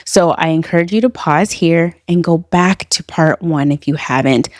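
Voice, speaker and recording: A woman's voice: low voice, normal speed, dry recording, studio quality. A woman hosting her podcast, giving an encouraging scripted introduction. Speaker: podcast host.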